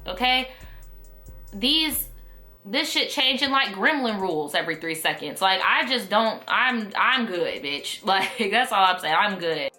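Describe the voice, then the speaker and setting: A woman's voice: mid-range voice, animated, unhurried, sharp tone, soft background music. A young woman from New York, a vlogger ranting casually to camera, blunt, sassy and full of profanity. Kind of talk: casual opinion rant to camera.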